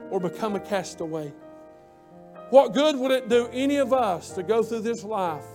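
A man's voice: high-pitched, a little mellow. A man preaching a sermon, impassioned and repeating himself as he builds.

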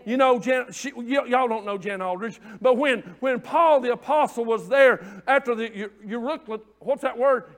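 A man preaching a fervent sermon, rising to shouts and calling out to the congregation. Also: very high-pitched, moderate pace, few pauses.

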